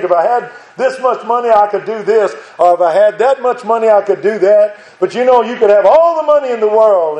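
A man's voice: high voice, darkish tone, roomy sound, poor audio. An older man preaching a sermon in a folksy, earnest way, rising to pleading emphasis.

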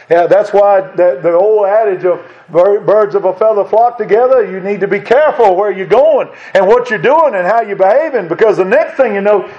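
A man's voice: high-pitched, darkish tone. A man preaching a sermon as pastor, asking his congregation rhetorical questions. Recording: dull lo-fi sound.

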